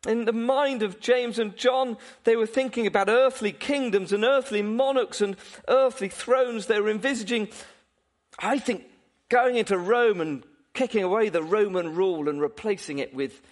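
A man's voice: high voice, normal speed. A man preaching a sermon, asking his listeners questions and chuckling now and then, with frequent restarts.

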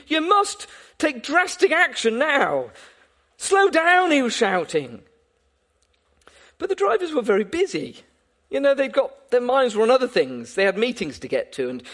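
High, lively preacher man. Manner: earnest, repeats words as he builds a point. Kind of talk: sermon with prayer and storytelling.

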